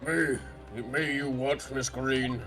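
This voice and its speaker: Gruff judge, a man voicing it, low steady voice, a bit distant, music behind. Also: slow. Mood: stern. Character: stern male judge.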